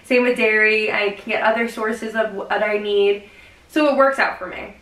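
A young adult woman chatting casually in a vlog, expressive and full of "like" fillers. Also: mid-range voice, normal speed, roomy sound, poor audio. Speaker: vlogger.

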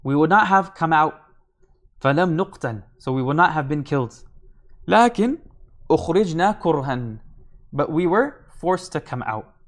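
A man teaching a line-by-line Quran commentary, reading Arabic passages quickly and then explaining them slowly in English, often asking "right?" as he goes. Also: on the high side, lively intonation. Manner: repeats phrases, asks "right?". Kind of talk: line-by-line scripture lesson.

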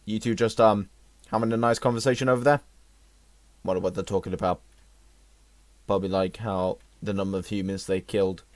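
A young man giving let's-play commentary on a horror game, jumping and exclaiming loudly when startled. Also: on the low side, fairly even intonation, a little fast, long pauses, no room sound. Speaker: gaming channel host.

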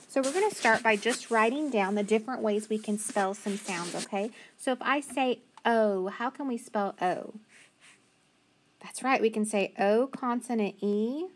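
A woman teacher giving a phonics lesson to young children, sounding out letters slowly and praising answers with a patient, encouraging manner. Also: a little high.

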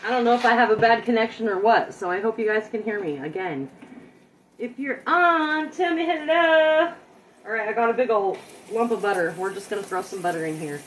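A woman's voice: medium pitch, fast talker, background noise. Woman cooking live, just chatting with viewers, kinda far from the mic, echoey kitchen. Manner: chatty and self-deprecating, talks to viewers directly. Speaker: home cook hosting a live cooking stream. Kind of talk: casual live cooking chat. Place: home kitchen.

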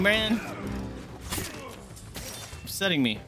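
A man streaming a game, chatting casually and shouting and swearing at enemies, with game music behind. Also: sits high, slow, long pauses. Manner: excitable, yelling and swearing at enemies. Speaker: gaming streamer. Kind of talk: casual let's-play commentary.

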